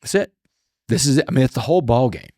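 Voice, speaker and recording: A man's voice: medium pitch, animated, fast talker, a little mellow, no echo, studio quality. A middle-aged man telling a personal story as an interview guest, earnest and emotional, often repeating his words.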